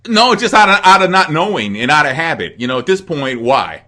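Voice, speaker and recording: On a podcast, a middle-aged co-host from the American Midwest speaks briskly in a slightly high voice. He's a lively storyteller in a relaxed conversation, laughing often.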